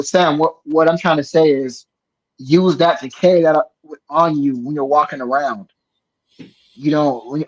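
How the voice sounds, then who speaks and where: A man's voice: fairly high pitch, lo-fi sound. A man on a casual podcast chat, handing out travel advice chattily and restarting his sentences often.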